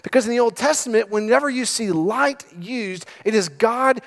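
Man, pastor, high voice, emphatic sermon delivery, hushed moments, long hall reverb. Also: lively intonation, normal speed, gravelly. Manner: emphatic preaching, dropping to hushed tones.

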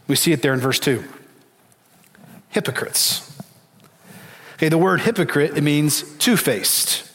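Earnest preacher man in a reverberant hall. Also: on the high side. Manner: earnest, emphatic preaching with repeated appeals. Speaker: pastor. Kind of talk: sermon. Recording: long reverb of a large hall.

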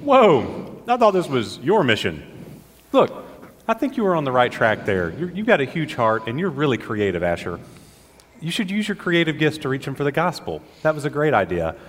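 A man's voice: on the high side, moderate pace, in a large hall. An actor playing an upbeat, encouraging churchgoing father in a church skit. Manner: encouraging, animated.

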